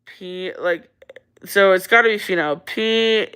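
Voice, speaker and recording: A woman's voice: mid-range voice, slow pace, sharp tone, clear, resonant tone. A woman in her thirties hosting a casual livestream, chatting and laughing as she reads viewer comments aloud. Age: 30s. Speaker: livestream host.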